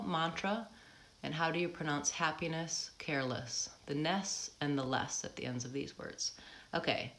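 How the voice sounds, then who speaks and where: Low-pitched lady pronunciation coach, patient, lots of ums, walks thru sounds slowly. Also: a bit bright. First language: English. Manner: patient, explains step by step with many ums. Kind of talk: live-streamed pronunciation lesson.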